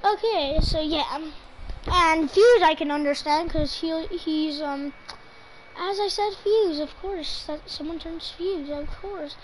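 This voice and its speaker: A female gamer with an extremely high, youthful-sounding voice talks through her match live. She speaks slowly and drawn out, teasing teammates and reacting in mock outrage. A faint hiss of noise sits under her voice. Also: rough recording. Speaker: gamer streaming her play. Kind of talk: live gameplay commentary.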